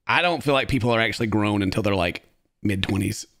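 A man's voice: lowish voice, fast, a bit bright, no echo. A man hosting a casual reaction commentary, rambling and laughing with sarcastic asides into a close mic. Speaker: host.

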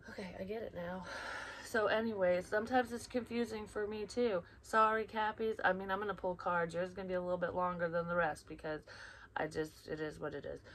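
Young female psychic, casual and blunt, curses freely, low-ish voice, faint background noise. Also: steady tone, a little fast, fairly bright tone. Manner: blunt, heavy swearing, rambling, drops into whispers. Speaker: psychic reader. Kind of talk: casual personal chat.

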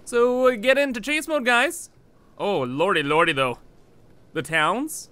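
A man's voice: high-pitched, unhurried, sharp tone, clean tone. A young man giving playful, hyped commentary over his strategy game. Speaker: gaming YouTuber. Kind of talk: casual gameplay commentary.

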